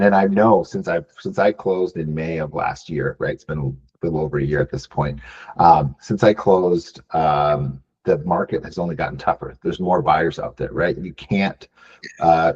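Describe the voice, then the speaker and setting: A man's voice: extremely low pitch, darkish tone, husky, muffled recording. A man from Michigan answering interview questions casually, often adding "right?" and restarting phrases. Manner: frequent "um" and "right?" tags, restarts. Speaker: business buyer guest.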